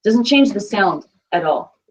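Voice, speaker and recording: A woman's voice: mid-range voice, lively intonation, measured pace, rough recording. A woman teaching a Spanish class, patiently quizzing students and repeating their answers.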